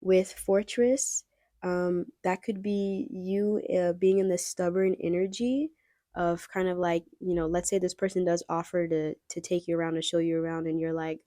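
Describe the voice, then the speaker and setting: Low mellow woman, chatty tarot reader. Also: fairly even intonation, normal speed, dry recording, clean studio sound. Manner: chatty and rambling, addressing viewers directly. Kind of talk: casual pick-a-card tarot reading.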